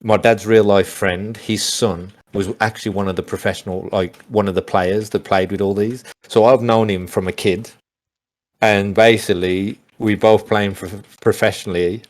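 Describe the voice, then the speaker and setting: Guest: man, very low voice, dry close sound, rambling casual anecdotes. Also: steady tone, moderate pace, no room sound. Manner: rambling, many restarts and fillers. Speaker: interview guest, former pro gamer. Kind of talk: casual storytelling on a call.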